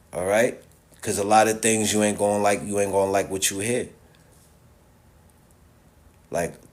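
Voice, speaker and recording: A man with a somewhat low voice talks straight to his viewers in an impassioned, casual monologue. He hammers his points through repetition, stumbles into restarts and keeps checking in with his listeners. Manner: emphatic and repetitive, with many restarts and "all right?" check-ins. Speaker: social media commentator.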